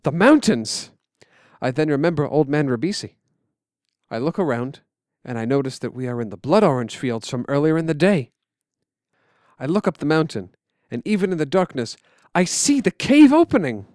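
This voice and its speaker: A man telling a story in quiet, measured, scripted narration. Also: medium pitch, no echo, clean studio sound.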